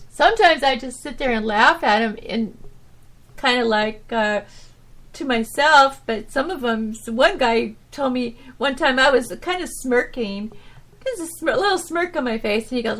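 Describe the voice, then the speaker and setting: A woman hosting her own podcast, telling stories from her old job in a rambling, animated way, full of restarts and "you know"s. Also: high-pitched, normal speed. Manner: animated, swinging from loud to soft. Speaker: podcast host. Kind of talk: casual storytelling monologue.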